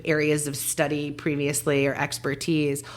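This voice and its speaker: Deep-voiced woman hosting a chat. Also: completely flat delivery, moderate pace. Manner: chatty, encouraging, playful. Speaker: interview host. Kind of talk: casual interview chat.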